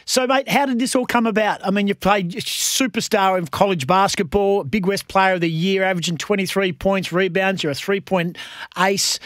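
An Australian man hosting breakfast radio in an upbeat, joking manner. His voice sits quite high for a man, and the studio sound is dry and close. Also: steady tone, moderate pace, fairly bright tone, no room sound.

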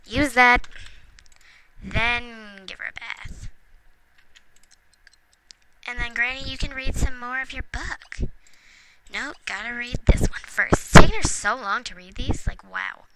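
A woman's voice: on the high side, a little slow, long pauses. A woman giving casual gameplay commentary at home, chatting to the game's characters and chuckling often. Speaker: let's play gamer. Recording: noticeable background noise with clicks.

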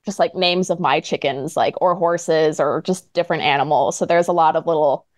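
Guest author, woman, lower voice, chatty and giggly, close dry mic. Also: steady tone, normal speed, no echo. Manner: chatty, laughs often, lots of "like". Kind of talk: casual podcast chat.

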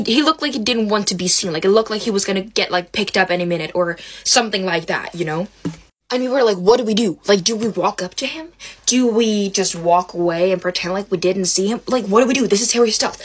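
A young woman excitedly telling a storytime about meeting someone, rambling with lots of "like". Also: medium pitch, husky. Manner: giddy, rambling, heavy use of "like". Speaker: vlogger.

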